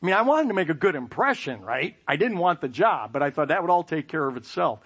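A man telling a personal story with self-mocking humor, lively sound effects and playful asides. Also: a little high, fast talker, slightly rough. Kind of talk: personal anecdote.

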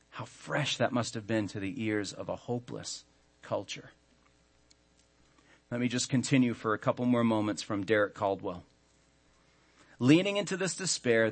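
A man in his thirties, a pastor preaching a sermon earnestly, stressing key words and slowing down when he reads scripture. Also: medium pitch, a bit bright.

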